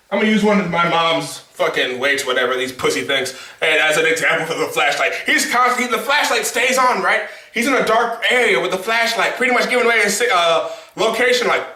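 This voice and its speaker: A young man reviewing a movie in a loud, profane, animated rant, often shouting his reactions. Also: high-pitched, recorded from a distance. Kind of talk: casual ranting movie review. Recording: echoey room, off mic.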